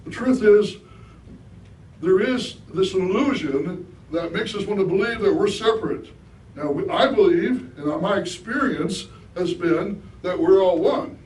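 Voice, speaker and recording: A middle-aged man with a somewhat high voice gives a relaxed spiritual talk, often turning to his audience with questions. He sounds set back from the mic, and the hall around him echoes, with a faint hiss of room noise. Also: measured pace, far from the mic. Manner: conversational, asks the audience questions. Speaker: guest speaker.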